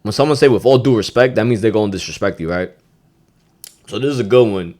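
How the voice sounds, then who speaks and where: Lively profane New York man. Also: lowish voice, quick pace. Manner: animated, profane, loud when acting out phrases. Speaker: podcast host. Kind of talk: casual podcast lesson.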